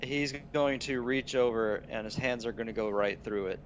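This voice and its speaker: A man's voice: mid-range voice, normal speed, slight background noise. A young man narrating as game master in a laid-back, matter-of-fact way.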